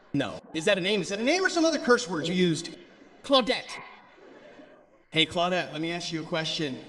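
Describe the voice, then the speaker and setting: A man's voice: high voice, a bit bright. A man from Brazil doing stand-up crowd work, teasing audience members and laughing often. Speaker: stand-up comedian. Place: comedy stage before an audience.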